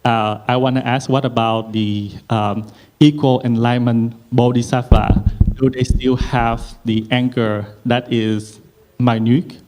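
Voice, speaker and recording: A man's voice: mid-range voice, level tone, unhurried, darkish tone. A man asking his teacher a question, hesitant and full of fillers.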